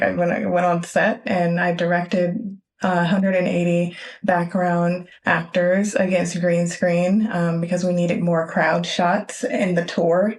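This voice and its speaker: A woman film editor from Los Angeles, chatting animatedly in an interview, often laughing and acting out what people said. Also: fairly low pitch. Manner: animated, laughs often, acts out quoted lines. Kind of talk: casual interview chat.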